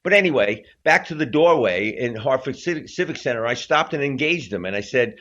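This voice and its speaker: A man's voice: medium pitch, fairly quick, few pauses. A man in his sixties, a drummer telling stories as an interview guest and acting out quotes as he goes. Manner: animated storyteller acting out quotes. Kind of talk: storytelling interview. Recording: slightly dull lo-fi audio.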